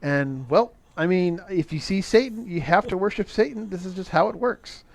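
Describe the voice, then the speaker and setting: A middle-aged man casually recapping an old movie on a podcast, sarcastic and profane, with animated asides. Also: high voice, normal speed, creaky. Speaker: podcast co-host recapping a film. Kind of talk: casual chat.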